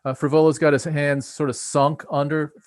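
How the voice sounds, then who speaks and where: A man's voice: a little high, normal speed, no room sound, studio quality. Casual American man calling a fight. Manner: casual, excited play-by-play with filler words. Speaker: stream co-host. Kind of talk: live fight commentary.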